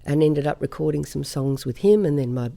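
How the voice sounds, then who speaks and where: Chatty Australian-raised woman with a gravelly, mellow voice. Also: low voice. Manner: chatty storyteller, quick to laugh. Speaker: singer, interview guest. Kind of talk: casual interview chat.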